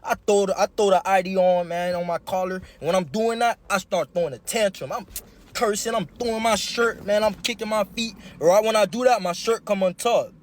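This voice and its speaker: A man's voice: high-pitched, brisk. A young man telling a personal story to camera in casual, slangy style, often speaking straight to the listener. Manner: animated, slangy, addresses the listener directly.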